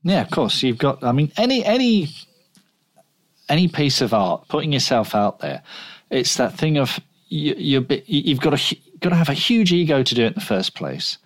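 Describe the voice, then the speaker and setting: A man's voice: a little high, sing-song, normal speed. A man co-hosting a podcast in casual chat, dry and joking. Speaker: podcast co-host.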